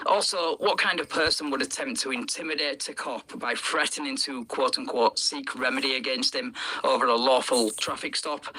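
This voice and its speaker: A man's voice: mid-range voice, bright, forceful tone, rough recording. A man hosting the channel, narrating and drily criticizing the driver in the footage. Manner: dry, critical. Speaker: channel host. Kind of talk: narrated commentary.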